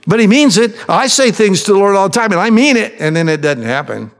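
A man's voice: high voice, lively intonation, brisk. Fervent preaching man in a reverberant hall. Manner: fervent preaching, dropping to soft quiet lines. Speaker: pastor. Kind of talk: sermon.

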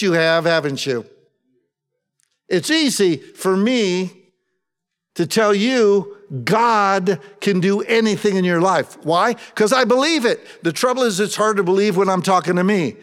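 A man's voice: sits high, expressive, unhurried, fairly bright tone, big-room sound. A man preaching a conversational sermon, asking his congregation rhetorical questions with a wry sense of humor. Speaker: pastor.

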